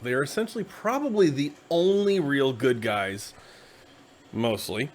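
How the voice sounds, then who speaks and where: A man hosting a tabletop game channel, explaining a character class in a rambling, casual way with self-mocking asides. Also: medium pitch.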